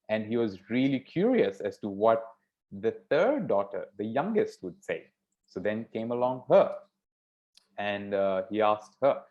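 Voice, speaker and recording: Slow, measured male storyteller. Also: lowish voice, animated. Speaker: speaker at a yoga festival. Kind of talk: inspirational storytelling talk. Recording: dull lo-fi sound.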